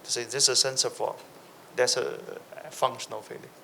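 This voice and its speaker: Gravelly, bright-voiced man on a panel. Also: mid-range voice, fairly even intonation, moderate pace, a little hiss or hum, rough recording. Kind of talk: panel discussion answer.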